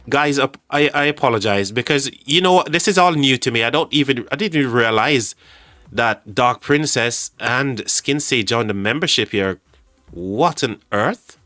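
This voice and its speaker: An excitable man hosts a live game stream, stumbling over his words as he chats with viewers. His voice is bright and forceful, recorded dry and close. Faint music plays underneath. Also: mid-range voice, a little slow, no room sound. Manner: excitable, stammering, thanks chat often. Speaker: game livestream host.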